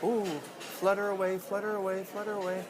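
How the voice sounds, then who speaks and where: A man's voice: high-pitched, flat delivery, brisk, background noise, pitched above the performer's own voice, natural voice. A man voicing a vain, pushy little fish in a sing-song, repeating chant. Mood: pushy, giddy. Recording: crowded public space behind.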